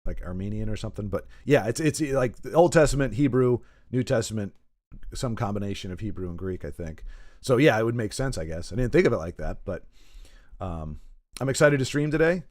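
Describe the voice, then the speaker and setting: A man's voice: lowish voice, animated, a little fast, darkish tone, no echo, clean studio sound. A man streaming a video game, chatting casually with viewers in a rambling, self-correcting way, with joking asides. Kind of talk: casual live-stream chat while gaming. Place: in Texas.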